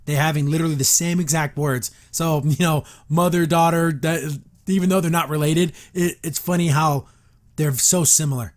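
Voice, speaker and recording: Animated man recapping a cartoon. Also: on the high side. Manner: animated retelling, acting out characters' lines in quick voices. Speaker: podcast host reviewing a cartoon episode. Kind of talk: casual recap and reaction.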